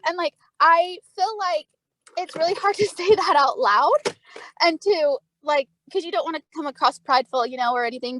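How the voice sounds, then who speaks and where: A woman's voice: high-pitched, moderate pace, a bit bright. A woman graduate sharing her pride in a chatty, emotional way on a video call. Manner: chatty, emotional, full of "like" fillers. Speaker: course graduate.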